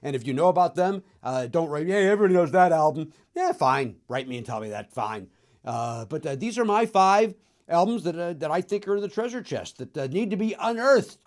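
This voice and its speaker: Animated joking man, lively pitch. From Chicago area. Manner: self-mocking, riffing, throws in quick silly voices. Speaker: podcast host. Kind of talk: comedic monologue about records.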